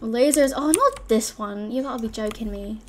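A young woman hosting a gaming channel, giving excitable live commentary with loud exclamations as she plays. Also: a little high, normal speed, a little hiss or hum.

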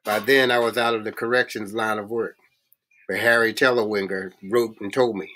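A man reading a novel aloud in a halting way, often stumbling and restarting words. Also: lowish voice, fairly even intonation, bright, forceful tone. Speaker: reader.

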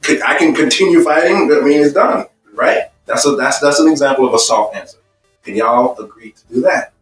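Man, seminar teacher, rhetorical questions, lively delivery, distant from mic, roomy echo. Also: medium pitch, brisk. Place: seminar room with audience. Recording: echoey room, voice from afar, faint music.

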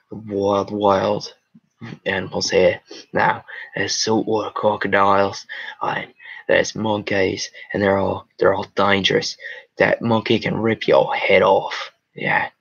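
Man doing a hammy nature-show presenter, slow and dramatic, low voice, muffled lo-fi sound. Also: flat delivery, gravelly, fairly bright tone, breathy edge, no room sound, exaggerated voice. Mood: mock-dramatic. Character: mock Australian wildlife documentary presenter, male adult.

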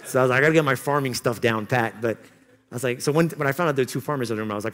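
A male pastor preaches to a conference crowd in a mid-range voice. He slips into playful, joking asides, then builds to loud, impassioned calls. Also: mid-range voice, racing. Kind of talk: sermon. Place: conference hall.

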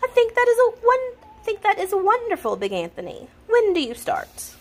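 A kind old village witch, as a woman reads her aloud, gentle and motherly in a storybook. She speaks soothingly and slips in Italian words, her voice high and lively with a wide rise and fall. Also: measured pace, slight background noise, heavily acted.

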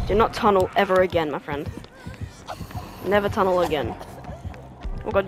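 A young adult gaming creator giving live, reactive commentary over gameplay, with quick exclamations and frequent laughs. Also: medium pitch. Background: background music.

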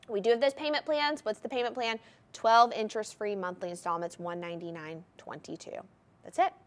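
A woman hosting a live TV shopping show, presenting jewelry in an enthusiastic, gushing sales patter. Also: medium pitch. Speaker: shopping channel host.

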